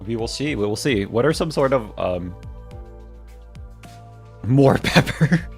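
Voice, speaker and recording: A man's voice: on the low side, lively intonation, fairly quick, vocal fry, soft background music. A young man streaming a game, reading its dialogue aloud in playful voices and joking with his chat.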